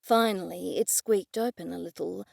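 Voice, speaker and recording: A woman narrating a first-person mystery audiobook in a clear, even storytelling delivery. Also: fairly low pitch, moderate pace, no room sound, clean studio sound.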